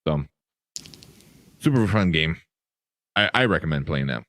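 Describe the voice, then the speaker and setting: A man's voice: extremely low pitch, lively intonation, measured pace, fairly bright tone, no room sound, studio quality. A man hosting a casual movie review podcast, talking in a rambling, enthusiastic way with many fillers. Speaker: podcast host.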